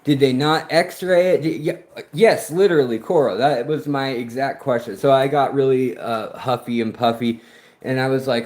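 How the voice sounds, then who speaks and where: Slow-talking man chatting casually about fish. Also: medium pitch, a little mellow. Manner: rambling, chatty, slow-paced storytelling. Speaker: aquarium channel host. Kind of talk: casual livestream chat. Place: outdoors near his fish tanks at sunset.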